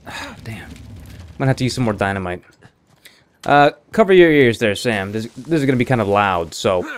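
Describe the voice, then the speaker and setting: A young man giving lively let's-play commentary, exclaiming and laughing often as he plays a shooter game. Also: mid-range voice, moderate pace. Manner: excitable, frequent exclamations and laughs. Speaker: gamer. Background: game music and gunfire.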